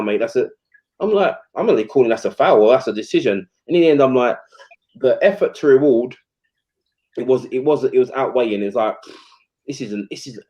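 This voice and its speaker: A man's voice: medium pitch, highs cut off. A man, a former footballer, telling stories in casual chat and acting out what people said, with lots of fillers. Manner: animated, acts out quotes, many fillers.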